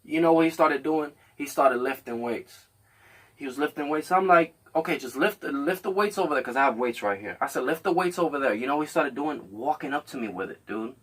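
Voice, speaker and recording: Husky man with a slightly high voice, telling a story in animated, profane casual chat and acting out both sides of a quarrel. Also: fairly quick. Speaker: podcast host.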